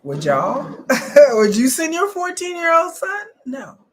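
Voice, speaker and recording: A woman hosting a live watch party, commenting loudly, joking and swearing as she reacts to the screen. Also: high-pitched, takes it slowly, slight background noise. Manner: loud, animated, profane and joking.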